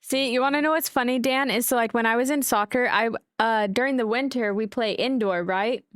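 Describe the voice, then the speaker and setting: A woman's voice: a little high, a little fast, clear, resonant tone, no echo, studio quality. A woman from the United States streaming, chatting casually and ranting with freely dropped swears. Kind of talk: casual chat with voice call and chat.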